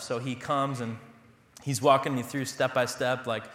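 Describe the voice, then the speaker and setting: Young pastor, bright tone, casual self-deprecating sermon delivery, roomy church echo. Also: male voice, mid-range voice, level tone, normal speed. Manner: conversational, self-deprecating humor. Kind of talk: sermon with personal stories. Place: church sanctuary.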